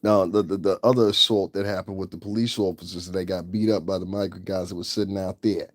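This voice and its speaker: A man's voice: sits low, fairly even intonation, fast, dry recording, studio quality. A man hosting his own channel, giving blunt, profane and scornful commentary. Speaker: channel host. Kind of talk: ranting livestream commentary.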